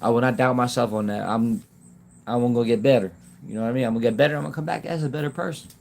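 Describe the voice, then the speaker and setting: This is a man talking off the cuff to viewers of his livestream on his phone. His speech rambles and halts, with many phrases left unfinished, and he laughs often. His voice sits at an ordinary pitch for a man. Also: very fast, creaky, darkish tone, a little hiss or hum. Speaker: YouTube livestreamer. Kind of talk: casual livestream chat.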